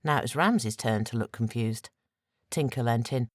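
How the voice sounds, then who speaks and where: Very low-voiced woman narrating fiction. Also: moderate pace, dry recording, studio quality. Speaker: audiobook narrator.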